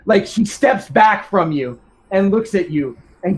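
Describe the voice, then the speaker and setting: A man's voice: sits high, expressive, unhurried, darkish tone, poor audio. A man narrating as game master for a tabletop game, rambling with many ums and restarts.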